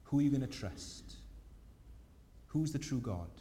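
A man preaching a sermon, telling a scripture story with lively voices for the people in it. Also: mid-range voice, unhurried, a little hiss or hum. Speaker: pastor. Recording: long hall reverb.

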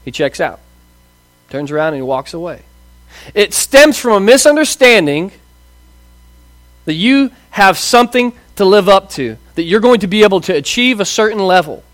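A man's voice: high voice, very animated, moderate pace, fairly bright tone, dry recording. A man in his thirties preaching a conversational sermon, asking rhetorical questions and acting out voices. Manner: casual, asks rhetorical questions, acts out quoted voices. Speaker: pastor.

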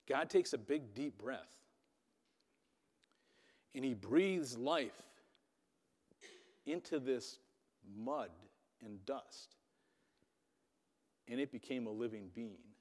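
A man preaching a sermon, telling a Bible story dramatically with loudness that rises and falls. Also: mid-range voice, expressive, extremely slow, long pauses. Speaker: pastor. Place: church hall. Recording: long reverb of a hall.

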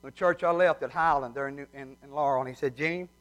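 A man's voice: mid-range voice, fairly even intonation, quick pace, a bit bright. A man preaching a sermon, folksy and heartfelt as he tells stories. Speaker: pastor. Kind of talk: sermon with humorous story.

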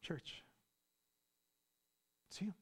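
A male pastor delivering a sermon in a church, building to loud, emphatic repeated phrases. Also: very slow. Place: church sanctuary.

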